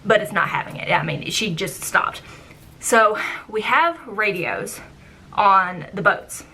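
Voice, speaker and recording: Animated bright-voiced woman telling work stories. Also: medium pitch, slow, slight background noise. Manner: animated, acts out her own past reactions; chatty, with frequent "like" and "um". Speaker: former theme park ride guide. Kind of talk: casual storytelling vlog.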